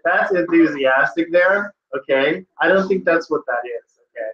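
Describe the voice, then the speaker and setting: A man's voice: on the high side, moderate pace. A man teaching a test-prep class, talking casually and with energy and often saying "like". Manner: casual, animated, lots of "like". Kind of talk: classroom lesson. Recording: echoey classroom, dull lo-fi sound.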